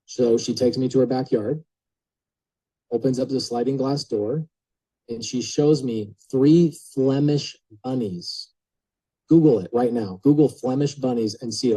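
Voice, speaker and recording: A man telling an animated story to a group, casual and full of filler words, acting out the people in it. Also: mid-range voice, no echo, rough recording. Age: adult. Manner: lively, acts out quoted voices, casual filler words. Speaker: speaker telling a real estate story to a group.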